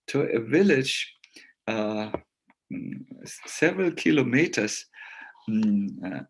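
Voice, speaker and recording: A man giving a festival sermon as a story, slow and hesitant, with many pauses and fillers. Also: mid-range voice, animated, vocal fry, rough recording. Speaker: visiting swami, speaker. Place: temple festival talk.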